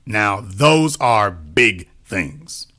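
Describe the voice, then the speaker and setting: A man's voice: lowish voice, big pitch swings, very slow, pushed and bright, slightly rough. A man talking as a political commentator in a casual discussion, often repeating himself and asking rhetorical questions.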